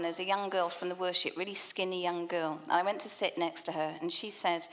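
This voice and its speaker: A woman giving a talk at a church conference in a lively storytelling manner. She laughs often and breaks into quick asides as she builds the story. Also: on the low side. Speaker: conference speaker. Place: conference hall.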